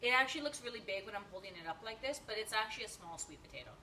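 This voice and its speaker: A woman's voice: medium pitch, expressive, racing, bright, forceful tone, distant mic, a little hiss or hum, rough recording. A woman hosting a live cooking stream, chatting to viewers and reading their comments with many fillers and giggles. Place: home kitchen.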